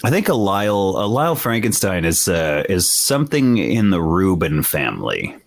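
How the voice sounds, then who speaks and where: A man's voice: deep voice, wildly swooping pitch, moderate pace, creaky. A man chatting casually as a podcast cast member over a remote call, in a rambling, playful way. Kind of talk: casual group chat.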